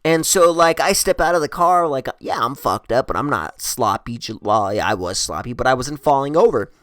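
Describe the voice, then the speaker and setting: A man's voice: medium pitch, lively intonation, normal speed, a bit bright, no room sound, clean studio sound. A man telling a wild personal story in casual, rambling style, swearing constantly and chuckling at himself.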